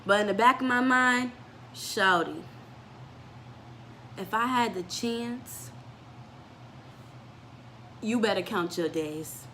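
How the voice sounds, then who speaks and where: A young woman vlogger telling a story from her life in a casual, animated way, with lots of "like" and acted-out voices. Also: mid-range voice, takes it slowly, pauses often, slight background noise. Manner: animated storytelling, fillers with "like", acts out quoted voices.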